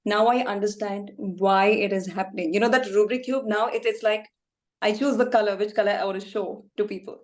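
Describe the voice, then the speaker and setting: Woman, mid pitch, chatty testimony over a video call, warm and full of fillers. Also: fairly even intonation, a little fast. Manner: chatty storytelling with frequent laughs and fillers. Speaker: class participant sharing testimony.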